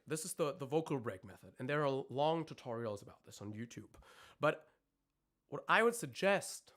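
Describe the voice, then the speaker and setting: A vocal coach with a medium-pitched, fairly bright voice teaches a live-streamed lesson. He explains technique in detail and breaks into sung notes and screamed demonstrations.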